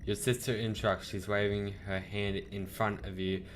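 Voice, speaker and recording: A man's voice: lowish voice, little pitch movement, a little hiss or hum. A man hosting a let's-play, reading game text aloud and joking, flustered at times. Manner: reads slowly, jokes and gets flustered. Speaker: gaming video host.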